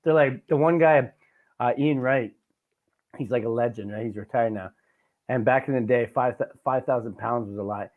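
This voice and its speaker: A young man, hosting a podcast and talking excitedly about sports, swearing often. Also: medium pitch, normal speed, narrow, tinny audio. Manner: excited, swears a lot, passionate sports fan. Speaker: podcast host. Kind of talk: casual chat.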